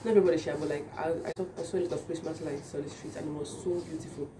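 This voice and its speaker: A woman's voice: low voice, steady tone, very fast, recorded from a distance. Young Nigerian woman vlogger, just-woke-up voice, chatty with lots of restarts, in a noisy spot. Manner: chatty, repeats words and restarts a lot. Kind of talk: casual chat to camera.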